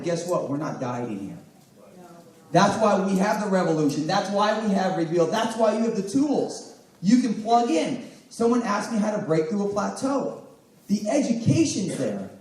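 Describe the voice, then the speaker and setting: Male health coach, high and animated, motivational stage talk, distant echoey room sound. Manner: energetic, emphatic, calls on audience members. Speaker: health coach speaking to a live audience.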